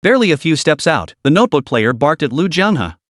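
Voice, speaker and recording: A man narrating a game fantasy story in an even scripted storytelling manner, voicing the quotes only lightly. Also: on the high side, a little fast, dry recording, studio quality.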